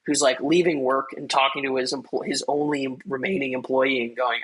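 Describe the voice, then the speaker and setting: A man chats loosely about a film on a podcast, his voice forceful and bright with a husky edge. He rambles through plenty of fillers and breaks into acted-out quotes. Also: mid-range voice, steady tone, normal speed, hardly any pauses, low-quality recording. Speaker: podcast host. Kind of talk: casual film review chat.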